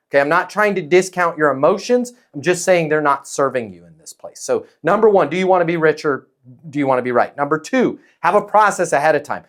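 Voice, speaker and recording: Blunt, energetic man coaching sales. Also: a little high, fairly quick. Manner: energetic, blunt, acts out calls. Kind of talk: live sales coaching talk.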